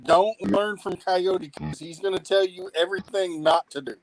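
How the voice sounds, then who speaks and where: A man's voice: sits high, steady tone, moderate pace, creaky, low-quality recording. A man in a casual outdoor chat, dropping dry teasing remarks.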